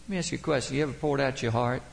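A man's voice: medium pitch, rapid-fire, gravelly, slight background noise. A man preaching a sermon as pastor, with dramatic swells and drops and emphatic quotations.

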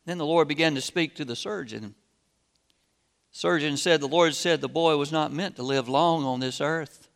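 A man preaching a sermon and telling a story, slow and dramatic, swinging from loud outbursts to hushed tones. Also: fairly high pitch, vocal fry, big-room sound.

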